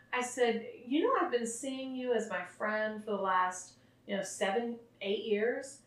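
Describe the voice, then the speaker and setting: Brash woman host, crude stories, slightly high voice, echoey room, set back from the mic. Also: a little slow, far from the mic. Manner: brash, profane, laughing storyteller. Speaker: podcast hostess. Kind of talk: casual raunchy podcast chat. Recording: roomy echo, voice somewhat off-mic.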